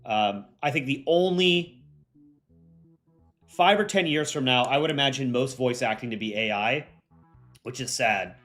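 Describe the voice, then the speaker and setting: A man's voice: mid-range voice, measured pace, pauses often, a bit bright, soft background music. A young man hosting a livestream, chatting casually and rambling with lots of fillers. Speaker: livestream host.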